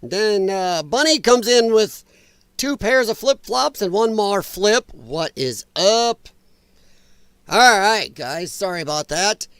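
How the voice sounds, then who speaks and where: A livestream host doing casual political commentary talks slowly in a high, lively voice, fairly bright and clean, with no room sound on his own microphone. He's chatty and sarcastic, laughing often, his voice a little strained.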